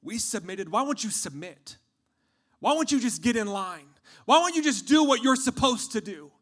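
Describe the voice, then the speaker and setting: A man voicing resentful soldiers who sneer and taunt, rising to shouts, in a dramatic retelling. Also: fairly high pitch, big pitch swings, fast talker, breathy edge. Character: resentful, mocking soldiers, men.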